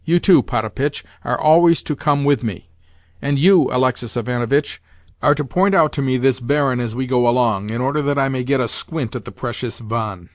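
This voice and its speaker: A man voicing an imperious rich old grandmother who gives blunt orders and sharp rebukes, in an audiobook reading. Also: medium pitch, moderate pace, dry recording, clean studio sound, natural voice. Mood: scolding. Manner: commanding, sharp rebukes and demands. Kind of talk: audiobook character voice.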